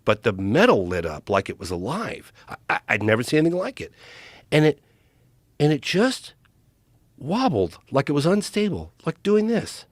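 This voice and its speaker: Man, lively swooping delivery, excited storyteller, close dry studio mic, podcast guest. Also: fairly high pitch, moderate pace, no echo. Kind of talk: animated storytelling.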